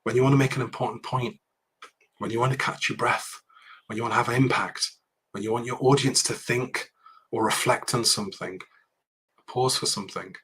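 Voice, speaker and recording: Husky bright-voiced man giving a workshop. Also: mid-range voice, fairly even intonation, brisk, long pauses. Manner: conversational, frequent "okay" and restarts. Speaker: public speaking trainer. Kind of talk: university workshop talk.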